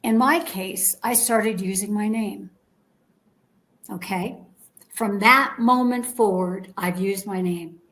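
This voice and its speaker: A woman guest in an interview, telling a personal story in a lively way, acting out the dialogue and checking in with her listeners. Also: mid-range voice, slow, poor audio. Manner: animated storyteller, acts out quoted dialogue, checks in with "okay?".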